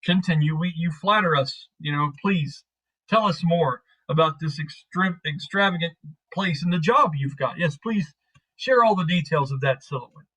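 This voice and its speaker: A man voicing a gruff bearded shopkeeper who humors a customer with drawn-out politeness. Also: on the high side, bright, forceful tone, poor audio. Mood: mock-polite.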